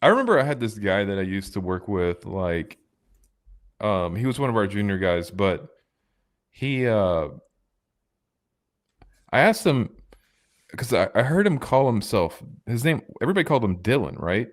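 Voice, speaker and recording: A podcast co-host with a fairly low pitch speaks in a sing-song manner at a moderate pace, leaving long pauses. He rambles casually, with plenty of fillers and restarts.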